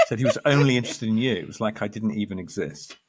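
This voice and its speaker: A man, a guest astrologer, telling a story in lively conversation, acting out quoted lines and restarting his sentences. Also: on the low side, brisk, slight background noise. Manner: animated storyteller, quotes others, restarts often.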